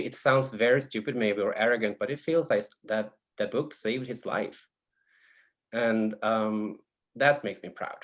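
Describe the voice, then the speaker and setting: A man from Sweden, an author, speaking softly and hesitantly with many restarts on a video call panel. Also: lowish voice.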